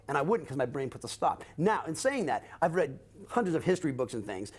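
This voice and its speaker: An older man telling his own story in a rapid, profane way, acting out what others said to him. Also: a little high, husky. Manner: fast, animated, swearing often, acting out quotes. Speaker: guest recounting his life.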